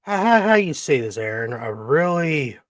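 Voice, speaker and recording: A man hosting a wrestling podcast who rants loudly and profanely in casual chat. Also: medium pitch, very animated, moderate pace, no room sound, studio quality. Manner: loud, profane, emphatic. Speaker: podcast host.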